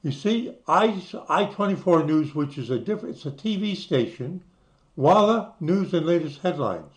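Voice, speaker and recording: A man's voice: on the high side, expressive, normal speed. An older man from the United States who talks you through websites in a casual screen-share, spelling things out letter by letter. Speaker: channel host.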